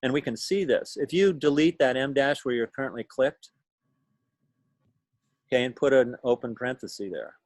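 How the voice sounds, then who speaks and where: A man's voice: medium pitch, moderate pace, pauses often, no echo. A man teaching a class over a video call, explaining things patiently and thinking aloud as he goes. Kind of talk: lecture to a class.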